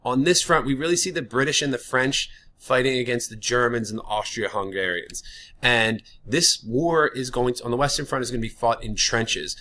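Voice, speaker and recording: A man's voice: mid-range voice, moderate pace, bright, forceful tone. A man teaching a history lesson in a casual, chatty way, often using filler words. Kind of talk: classroom lecture.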